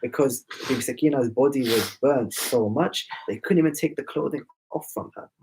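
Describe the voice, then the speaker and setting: A man's voice: mid-range voice, normal speed, noisy background. A man storytelling to children at a majlis, emotive and addressing them directly.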